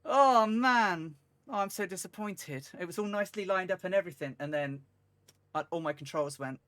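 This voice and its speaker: Man, fairly high voice, rueful and chatty, live game streamer. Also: fairly even intonation, fairly quick, fairly bright tone. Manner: rueful, chatty, laughs at his own mishaps. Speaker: flight sim streamer.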